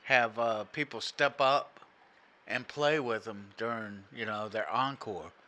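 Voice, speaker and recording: Rambling middle-aged man, bright voice. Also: fairly low pitch, a little slow. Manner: rambling, heavy use of "you know", chuckles often. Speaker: podcast co-host, father. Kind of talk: casual chat, reading trivia aloud.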